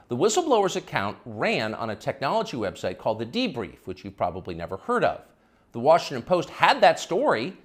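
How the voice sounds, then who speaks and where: Sarcastic male host with wild pitch swings. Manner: sarcastic, mocking delivery with sudden high swoops. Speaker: commentary show host. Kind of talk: scripted opinion monologue.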